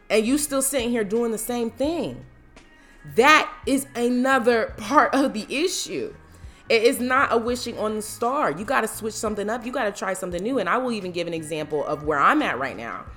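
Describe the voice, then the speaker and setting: A woman's voice: medium pitch, expressive, brisk, a bit bright, soft background music. A woman giving a casual motivational talk about faith, emphatic and preachy, acting out the voices she quotes. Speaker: motivational speaker.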